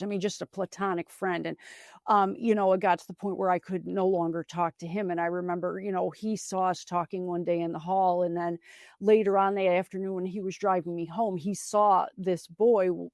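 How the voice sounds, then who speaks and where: Low gravelly-voiced woman telling her story. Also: a little mellow, no room sound, studio quality. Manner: reflective, many fillers like "you know" and "um". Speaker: podcast guest. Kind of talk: personal storytelling in an interview.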